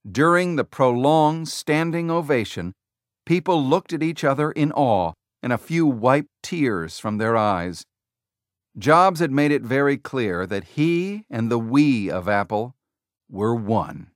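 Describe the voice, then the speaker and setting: A man's voice: mid-range voice, expressive, unhurried, dry recording. Man narrating a nonfiction audiobook, dry sound. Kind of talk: scripted narration.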